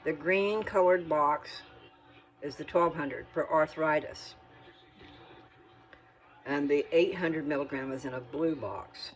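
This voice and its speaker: A woman's voice: deep voice, takes it slowly, long pauses, poor audio. A woman vlogger in her kitchen, talking casually and folksily to her viewers and often checking in with "okay?".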